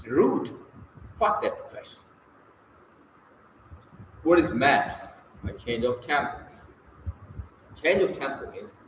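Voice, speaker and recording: A man working through textbook exercises aloud, slow and unhurried, with a lively, rising-and-falling voice that sits a little high. He talks to himself casually and corrects himself mid-answer. The room is echoey, with faint ambience behind him. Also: a little hiss or hum. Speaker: self-study reader.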